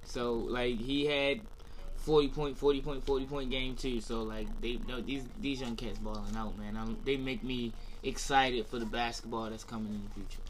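A man's voice: medium pitch, steady tone, moderate pace, a little hiss or hum, low-quality recording. A man co-hosting a casual sports talk show, blunt and slangy, laughing often.

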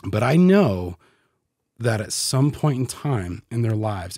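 A man with a slightly low, husky voice speaks as a podcast guest. He talks in a heartfelt, halting way and often repeats words as he searches for them. The sound is dry and close. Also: sing-song, dark tone, dry recording. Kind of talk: casual podcast conversation.

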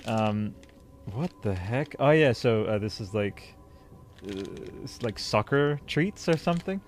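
Effusive excitable male podcast host. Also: lowish voice, unhurried, soft background music. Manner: excitable, effusive, bursts into laughter and loud exclamations. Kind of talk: casual podcast chat.

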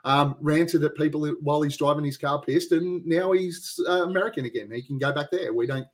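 A man's voice: a little high, a little fast. An Australian man hosting a podcast, laughing and swearing through casual banter. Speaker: podcast host. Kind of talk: casual chat.

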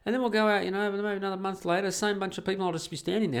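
Gravelly rambling man from Australia. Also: sits high, rapid-fire. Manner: rambling, profane, exasperated storytelling; many restarts and repeated phrases. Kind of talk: casual monologue.

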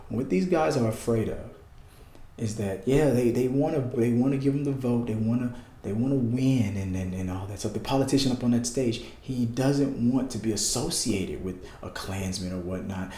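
Gravelly man ranting heatedly. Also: medium pitch, dark tone, roomy sound. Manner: heated, emphatic, repeats himself, restarts often. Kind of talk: casual political rant.

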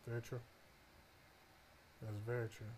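A man in a congregation answers the preacher with brief amens and murmured agreement. His voice is warm and mellow, kept low and short. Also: completely flat delivery, unhurried. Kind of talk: call-and-response affirmations.

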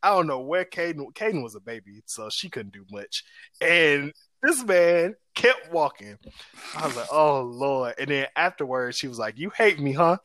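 A young man telling a story in casual chat, animated, and acting out the people he quotes. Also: fairly high pitch, normal speed, no room sound.

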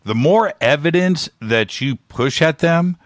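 A man hosting an interview, speaking conversationally in a middle-pitched voice. His intonation rises and falls a lot. The sound is dry and close. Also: animated, slow pace, dry recording. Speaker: podcast host. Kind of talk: casual interview talk.

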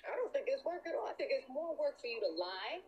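A woman's voice: high voice, expressive, fast, dull audio. A woman talking bluntly and with slang in a casual podcast debate.

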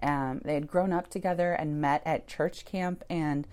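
A woman's voice: sits low, fairly even intonation, measured pace, darkish tone, smooth. A woman who founded a church, telling her story candidly in an interview, swearing and laughing as she goes.

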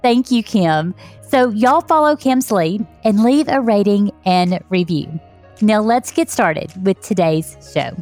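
Texan lady podcast host, gushing and upbeat, soft music playing underneath. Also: mid-range voice, expressive, takes it slowly. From Texas. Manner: enthusiastic, effusive. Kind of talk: podcast interview.

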